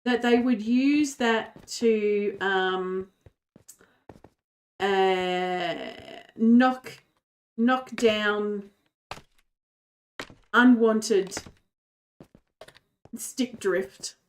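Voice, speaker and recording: A woman's voice: mid-range voice, extremely slow, pauses often. A woman streamer chatting casually while she plays a game, giggling and rambling. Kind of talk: casual gaming chat.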